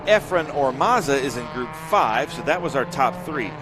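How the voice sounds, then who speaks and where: A man's voice: medium pitch, animated, normal speed, music in the background. Chatty male race commentator. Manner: chatty, joking, rattles off driver lists.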